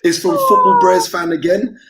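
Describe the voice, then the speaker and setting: A man's voice: high-pitched, wildly swooping pitch, moderate pace, very noisy. Teasing man hosting a football chat. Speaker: podcast host reading comments. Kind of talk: casual banter.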